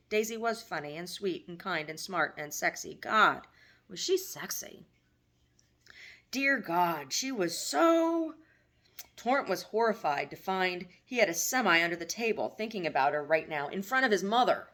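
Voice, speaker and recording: A woman author reading her own novel aloud in steady, wry audiobook narration. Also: lowish voice, moderate pace.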